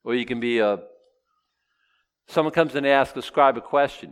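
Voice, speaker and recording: Male preacher, casual sermon, humorous, animated asides, voices objectors. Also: mid-range voice, moderate pace, clean tone. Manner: lively, joking, voices imagined objectors. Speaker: pastor. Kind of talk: sermon with verse-by-verse teaching.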